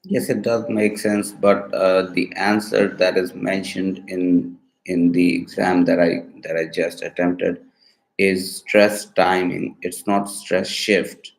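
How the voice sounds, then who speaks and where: Man, student type: deep and flat, unhurried, hesitant phrasing. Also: creaky, poor audio. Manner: hesitant, with fillers and restarts while working through a question. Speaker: student asking questions. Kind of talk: casual spoken questions.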